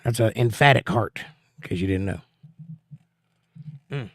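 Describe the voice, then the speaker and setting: Laid-back middle-aged man hosting a live chat show, folksy and unhurried, dry close-miked sound. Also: lowish voice, gravelly, no room sound. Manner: easygoing, folksy, reads chat aloud. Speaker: livestream host. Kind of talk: casual chat reading viewer comments.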